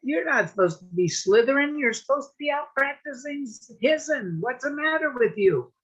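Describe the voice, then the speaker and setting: A woman's voice: high-pitched, lively intonation, lo-fi sound, voice pushed up. A woman voicing a proud, bossy senior male snake who lectures the young snakes. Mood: indignant. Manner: preachy, indignant, quick when riled.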